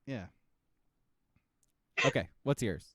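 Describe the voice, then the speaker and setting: A middle-aged man co-hosting a podcast in casual chat, animated, laughing often and swearing freely. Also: mid-range voice, slow pace, dry recording, studio quality. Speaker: podcast co-host.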